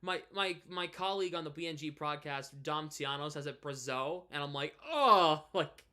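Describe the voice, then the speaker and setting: A man's voice: fairly high pitch, level tone, a little fast, pushed and bright, smooth. A man of twenty from New England, chatting casually on a live stream and rambling through many restarts and fillers. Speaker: live streamer and hockey podcaster.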